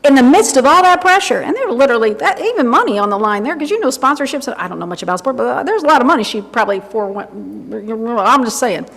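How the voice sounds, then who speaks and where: A woman's voice: fairly high pitch, expressive, fast talker, creaky, hardly any pauses, fairly bright tone. A woman minister giving an informal, chatty sermon full of asides to herself. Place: church sanctuary. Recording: long reverb of a church hall.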